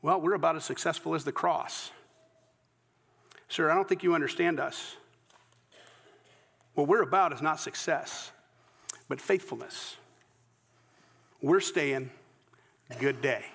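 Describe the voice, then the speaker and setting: A man voicing a quietly determined, dignified Southern farmer who speaks softly but firmly. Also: on the high side, unhurried, gravelly, long pauses, husky, in a large hall, heavily acted.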